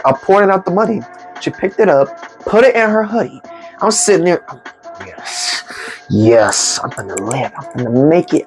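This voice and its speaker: Animated slangy man telling a story. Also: fairly high pitch. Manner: animated, slangy, acts out the voices. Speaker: vlogger. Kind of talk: comic storytime.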